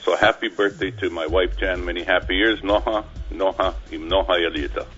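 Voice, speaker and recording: A man's voice: low voice, steady tone, brisk, a bit bright, faint music behind. A man calling in to a radio show, jokey and folksy. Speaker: caller. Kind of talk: phone-in chat. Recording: muffled phone call on air.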